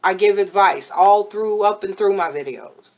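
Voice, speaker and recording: At normal speed and medium pitch, a spiritual advisor gives a laid-back tarot reading on camera, her voice slightly worn from overuse. She speaks frankly and chattily, handing out motherly advice with bluntness.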